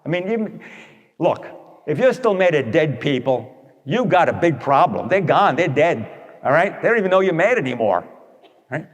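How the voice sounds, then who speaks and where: His voice is a little high with big pitch swings, and he moves at a moderate pace; the recording's highs are cut off and the setting is a large hall. As a radio advice speaker, he tells folksy stories, talks straight to listeners, and acts out quotes.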